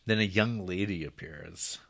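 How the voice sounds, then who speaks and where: A man's voice: low voice, a little slow, vocal fry, a bit bright. A man co-hosting a casual comedic movie recap, laughing often and slipping into mock folksy voices. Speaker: podcast co-host.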